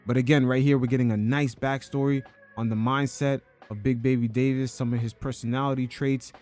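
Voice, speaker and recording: A man's voice: mid-range voice, steady tone, brisk, darkish tone, faint music behind. Male podcast host; casual, wry commentator, mid-range voice. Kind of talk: commentary over an interview clip.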